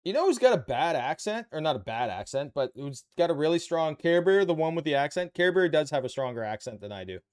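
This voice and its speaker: A man's voice: fairly high pitch, sing-song, fast, hardly any pauses, darkish tone, clear, resonant tone. A Canadian man with a Canadian accent, casually chatting and bantering with his viewers while building a model kit on a live stream. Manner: chatty, playful banter with chat.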